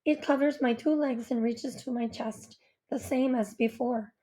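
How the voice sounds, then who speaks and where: A woman narrating a first-person novel in a gentle, wistful way. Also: a little high, fairly even intonation, a little slow. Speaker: audiobook narrator.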